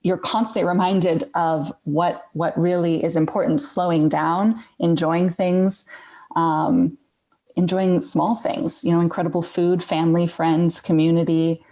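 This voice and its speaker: A woman's voice: lowish voice, flat delivery, a little slow, mellow. A woman guest talking casually, hesitant and full of fillers and restarts. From United States. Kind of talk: casual conversation.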